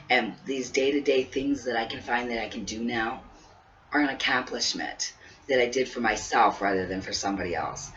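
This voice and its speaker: A woman in her fifties chatting earnestly to camera as a vlogger, repeating herself and laughing briefly now and then, seated indoors. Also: extremely low pitch. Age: 50s. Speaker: weight-loss vlogger. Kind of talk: casual talk to camera. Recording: distant mic, dull lo-fi sound, faint hiss.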